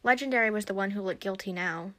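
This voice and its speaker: A woman's voice: medium pitch, fast talker. Woman reading a storybook aloud. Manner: steady narration. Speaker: narrator.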